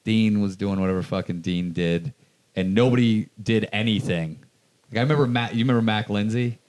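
A man's voice: lowish voice, a little fast. A man co-hosting a podcast, telling stories in casual chat and acting out the people he quotes. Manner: animated storyteller, swears, acts out quotes. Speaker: podcast co-host.

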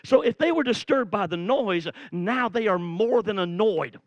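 High-voiced animated male preacher. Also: moderate pace, no echo, dull audio. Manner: animated storytelling, acts out quotes, rises to shouts. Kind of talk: sermon.

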